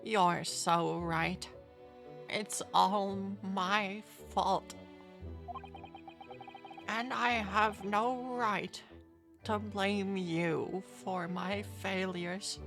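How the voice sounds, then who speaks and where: A woman's voice: mid-range voice, sharp tone, heavily acted. Woman doing a solemn old-time scientist professor. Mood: self-pitying. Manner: slow, solemn, theatrical, like a 1940s horse-race announcer. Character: grave, self-pitying male scientist, earnest about his science. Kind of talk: reading game dialogue aloud.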